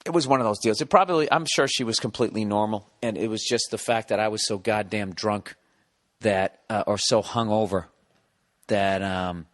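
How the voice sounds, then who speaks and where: A man's voice: fairly low pitch, normal speed, long reverb tail. Profane, rambling man telling a story. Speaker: podcast host. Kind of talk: comedic podcast monologue.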